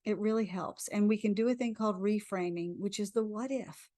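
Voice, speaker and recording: A middle-aged woman coaching a tapping session, speaking slow soothing affirmations and then chatting casually on a live stream. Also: mid-range voice, dark tone, no echo, clean studio sound. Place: live video stream at home.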